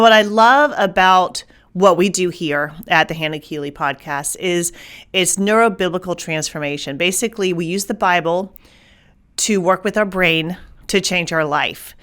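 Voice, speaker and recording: An emphatic, energetic woman hosts a faith-based motivational podcast in her own voice. She sits in an ordinary middle pitch, repeats words when she drives a point home, and voices inner thoughts as she explains them. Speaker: podcast host.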